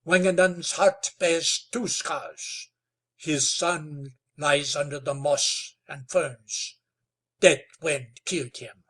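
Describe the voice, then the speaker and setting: A man doing a proud, calm old chief. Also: a little high. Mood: grave. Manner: slow, calm, sonorous.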